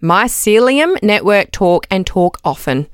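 A woman's voice: mid-range voice, sing-song, dry recording, studio quality, pitched below the performer's own voice. A woman doing a mock-serious newsreader. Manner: slow, formal newsreader delivery.

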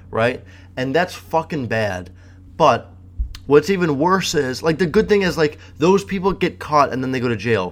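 Rambling, profane young man telling stories. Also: medium pitch. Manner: rambling, profane, frequent fillers and restarts. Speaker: vlogger. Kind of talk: casual storytelling monologue.

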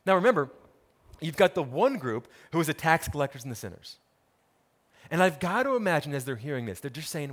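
A man's voice: a little high, very animated, a little fast. A man preaching a sermon, telling a parable dramatically and acting out the characters' words. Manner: dramatic storytelling, acts out quoted characters. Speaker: pastor.

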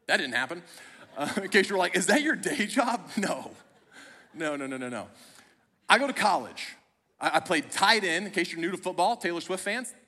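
A man's voice: high voice, sharp tone. A young man, a pastor, telling a personal story in a sermon with a conversational, self-deprecating humor. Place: church auditorium. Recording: long hall reverb.

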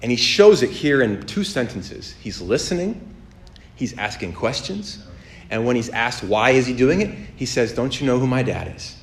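A man preaching on a podcast, telling stories with lively acted-out voices and many fillers. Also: normal speed, echoey room. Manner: animated storytelling, acts out voices with big pitch jumps. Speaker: pastor. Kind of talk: sermon on a podcast.

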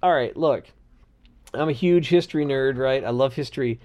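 Male podcast co-host, mid-pitched, casual and rambling, quick to laugh. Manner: rambling, laughs often, loud bursts of excitement. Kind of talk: casual chat.

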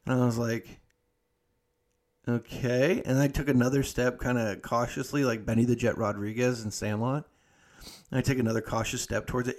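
A man's voice: medium pitch, darkish tone. Profane laid-back male podcast host. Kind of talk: casual storytelling monologue.

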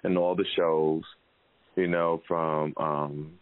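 Deep-voiced podcast host guy, cussing and doing voices, sounds like a phone line. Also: slow pace, dry recording. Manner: loose, profane storytelling with animated quoted voices. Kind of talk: casual podcast chat.

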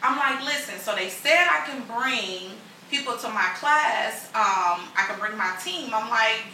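A woman chatting casually, telling an animated story full of acted-out quotes and slang. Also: fairly high pitch, a little slow, few pauses, a little hiss or hum. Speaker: guest telling a friendship story. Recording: echoey room, far from the mic.

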